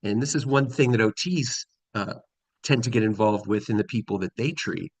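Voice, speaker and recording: A man's voice: on the low side, moderate pace, dry recording. A middle-aged man giving a casual conference talk from slides, with many ums and restarts. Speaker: conference presenter.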